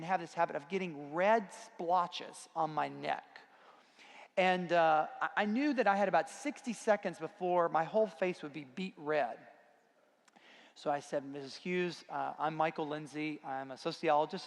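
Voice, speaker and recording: A man with a slightly higher voice and a gravelly edge tells a self-deprecating story to a conference audience. His voice carries a long reverb from a large hall. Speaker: conference speaker. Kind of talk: storytelling talk.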